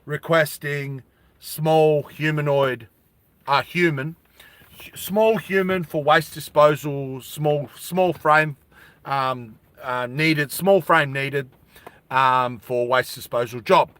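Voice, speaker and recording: Halting bureaucratic foreman, slow delivery; man voices him. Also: on the high side, a bit bright, clean tone, dry recording. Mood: officious. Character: fussy male foreman filing a request.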